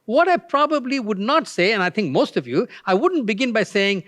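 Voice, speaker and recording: A man's voice: very high voice, very animated, brisk, hardly any pauses, fairly bright tone, no echo. An older retired pastor preaching a guest sermon, telling a personal story in a conversational way and acting out the voices he quotes.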